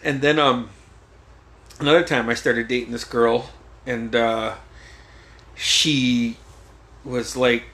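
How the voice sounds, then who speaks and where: A man's voice: mid-range voice, steady tone, takes it slowly, pauses often, fairly bright tone. Laughing, swearing man telling stories. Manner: profane, laughs often. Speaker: podcast guest. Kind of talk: casual storytelling.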